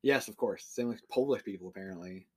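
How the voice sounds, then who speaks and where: A young man co-hosting a podcast, chatting casually, swearing and laughing, with lively mock-shouted quotes. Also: fairly low pitch, quick pace, breathy edge. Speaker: podcast co-host. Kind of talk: casual chat.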